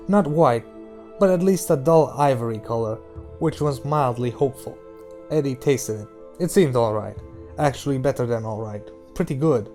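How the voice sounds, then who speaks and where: A man's voice: medium pitch, a little mellow. Man reading a novel aloud. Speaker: audiobook reader.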